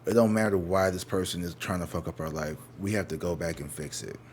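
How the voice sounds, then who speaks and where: Lowish-voiced man, candid, profane tarot storyteller. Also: steady tone, a little fast, slight background noise. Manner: candid and profane, rambling with many restarts; slips into exaggerated high mocking quoted voices. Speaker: tarot reader. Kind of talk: casual tarot reading with storytime. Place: his own living room.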